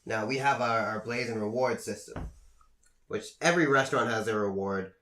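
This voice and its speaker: A man's voice: medium pitch, moderate pace. A young man co-hosting a podcast, telling work stories in casual chat and acting out the quotes with a lot of swearing. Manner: animated storyteller, acts out quotes, profane. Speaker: podcast co-host. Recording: echoey room.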